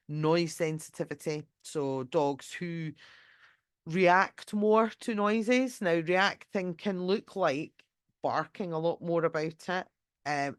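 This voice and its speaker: A woman's voice: low voice, no echo, clean studio sound. A woman giving a casual live online talk as a dog trainer. She rambles in a chatty way with many fillers and restarts, swears casually, and sometimes acts out what a dog might be thinking. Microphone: computer mic during a screen-shared session.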